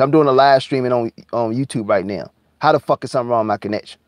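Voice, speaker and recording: A man rants on his live stream, heated and full of swearing, circling back over the same points and stretching some words out slowly. His voice sits at an ordinary middle pitch and sounds dry and close, with no room around it. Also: dry recording. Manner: heated, profane, repetitive, drawling slowdowns. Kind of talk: angry conspiracy rant on a live stream.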